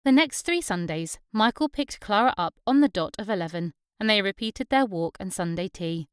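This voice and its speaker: A woman reads an audiobook in a steady, even way. Her mid-pitched voice is smooth and clear. The recording is close and dry, with no room around it. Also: moderate pace, no room sound. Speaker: audiobook narrator. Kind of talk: scripted narration.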